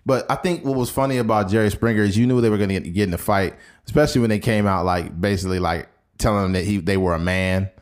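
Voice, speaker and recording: A man's voice: lowish voice, fast, hardly any pauses. A young adult man hosting a podcast in a casual, profane chat, telling stories and slipping into mocking impressions. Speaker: podcast host.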